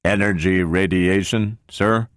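A man reading the part of a calm, obedient male robot who answers in short, deferential replies. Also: sits low, a little slow, dry recording, studio quality.

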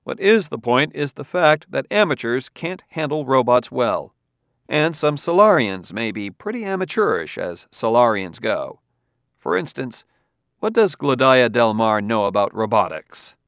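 A man voicing a dogged male Earth detective who presses and cross-examines in a raised, forceful voice, recorded dry. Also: medium pitch, very animated, a little slow, clear, resonant tone, no room sound. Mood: pressing.

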